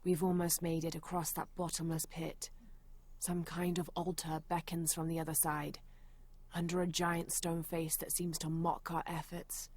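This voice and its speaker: An actress voicing a female adventurer in a video game, reading old journal entries aloud in a measured, serious way. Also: low voice, level tone, darkish tone. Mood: grim.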